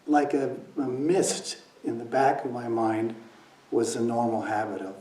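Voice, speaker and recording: A man's voice: mid-range voice, level tone, a little slow, darkish tone. A man giving a meditation talk, telling a personal story, acting out quoted voices and dropping to near whispers at times. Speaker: meditation teacher. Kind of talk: dharma talk. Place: meditation hall. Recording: echoey room, mic at a distance, faint noise.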